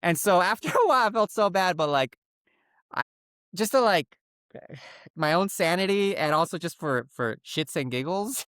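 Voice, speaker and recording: Telling a story during casual podcast chat, this male co-host performs phone calls in put-on voices. His high-pitched, expressive voice is a bit bright and moves at a moderate pace, recorded clean in a studio with no room sound.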